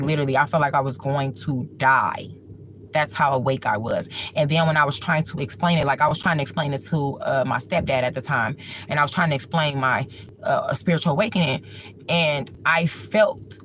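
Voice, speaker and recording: A woman's voice: low voice, fairly bright tone, slight background noise. A woman hosting a livestream, telling a personal story at home in a rambling way, full of filler words. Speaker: livestream host.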